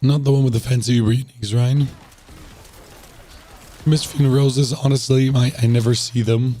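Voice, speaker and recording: Hoarse man chatting on stream. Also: medium pitch, fairly even intonation, normal speed, dark tone, a little hiss or hum. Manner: rambling, repeats himself, asks chat rhetorical questions. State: has lost his voice, hoarse. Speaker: streamer playing a game. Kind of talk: casual live-stream chat to viewers.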